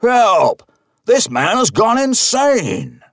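A man voicing a husky old male airline passenger who shouts for help in alarm. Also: extremely high pitch, huge pitch swings, drawn-out words, dry recording, clean studio sound, voice pushed up, full character voice. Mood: panicked. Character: aged male airline passenger, panicked and gruff.

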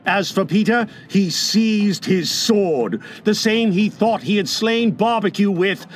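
A man narrating a storybook aloud with an expressive, lilting delivery. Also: high voice, takes it slowly, faint music behind. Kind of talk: storybook reading.

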